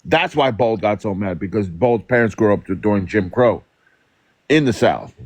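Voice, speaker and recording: A man chatting on a livestream with a lively, swooping pitch that climbs high whenever he acts out a quote. His manner is blunt and profane. The sound is dry and close, with no room around it. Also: normal speed, no room sound. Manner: animated, profane storytelling with acted quotes. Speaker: livestream co-host. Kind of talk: casual chat.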